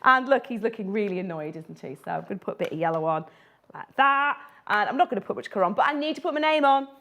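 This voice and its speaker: A woman's voice: mid-range voice, expressive, quick pace, fairly bright tone. A woman who illustrates children's books, giving a chatty, playful live drawing tutorial and laughing often.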